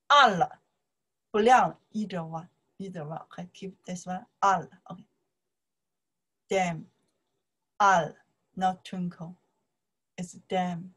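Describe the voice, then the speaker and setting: A woman's voice: medium pitch, fairly bright tone. A woman with a Chinese accent and Chinese as her first language teaches song lyrics, repeating words in broken English mixed with Chinese. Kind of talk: explaining song lyrics in a lesson.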